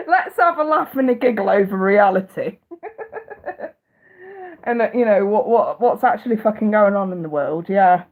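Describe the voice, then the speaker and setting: A woman's voice: mid-range voice, expressive, a little slow, pauses often. A British woman in her thirties, a psychic reader chatting casually on a live stream, blunt and profane and often laughing. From United Kingdom. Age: 30s. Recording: tinny phone-like audio.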